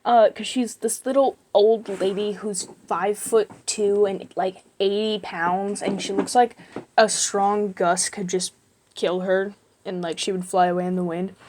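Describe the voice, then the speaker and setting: Animated young woman telling school stories. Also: medium pitch. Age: teens. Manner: animated, acts out people in her stories; quick, rambling with many fillers. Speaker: YouTuber. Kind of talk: casual storytelling.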